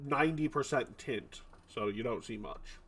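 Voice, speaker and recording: A man's voice: mid-range voice, lively intonation, a bit bright, slightly rough. A man, the game master, chatting casually and joking before a tabletop session. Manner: chatty, jokey, quick asides.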